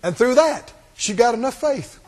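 High-pitched, lively preacher. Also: male voice, moderate pace. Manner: animated, rising to emphatic shouts and mock voices. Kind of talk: sermon.

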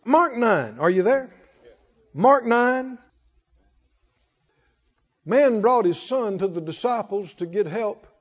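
A man's voice: high voice, expressive, slow, pauses often. A man preaching a sermon in a folksy way, calling out to the congregation. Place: church hall. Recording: muffled hall reverb.

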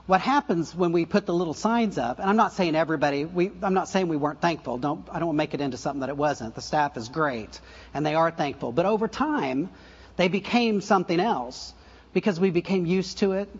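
An older man preaching a conversational sermon, full of asides and self-corrections and soft laughs at his own stories. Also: fairly high pitch, animated, fairly quick, breathy edge, highs cut off. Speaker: pastor.

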